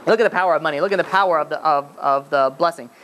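Rabbi guy rattling off a story super fast, lots of um and restarts, faint hum behind. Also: a little high. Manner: animated storyteller with many restarts and fillers. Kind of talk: storytelling lecture.

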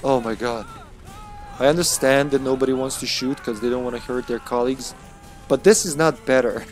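A man's voice: mid-range voice, fairly even intonation, moderate pace. A man streaming a video game, giving casual, chatty commentary with swearing and laughter. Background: game music.

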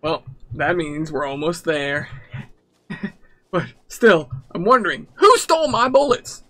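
A young man jokingly commentating his horror game playthrough, nervous and excitable. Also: fairly high pitch, unhurried. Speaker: gamer. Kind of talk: let's-play commentary.

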